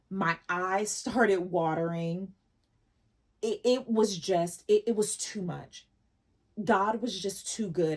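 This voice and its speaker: Woman, forties, vlogger, husky, low-pitched, effusive, repeats herself. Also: darkish tone. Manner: emotional, effusive, repeats words. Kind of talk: casual vlog talk to viewers.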